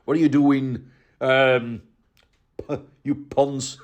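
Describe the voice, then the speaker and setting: A man's voice: mid-range voice, level tone, slow, dull audio, pitched above the performer's own voice, close to an everyday voice. A man voicing a brash, blustering northern lord who mocks and laughs as he speaks. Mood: bellowing mockery. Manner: mocking, laughing while talking.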